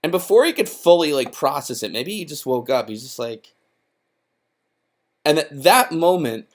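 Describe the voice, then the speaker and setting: A man's voice: a little high, animated, moderate pace. Sarcastic, rambling young man. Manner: irreverent, profane, rambling with many fillers. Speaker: YouTuber reviewing a children's book. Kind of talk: casual sarcastic commentary.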